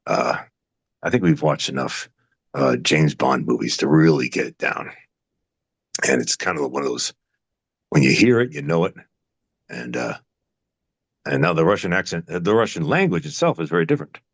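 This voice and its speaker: A man's voice: extremely low pitch, lively intonation, normal speed, long pauses, breathy edge, dry recording. An older man, an actor guest, musing in a casual interview, rambling with many fillers and restarts.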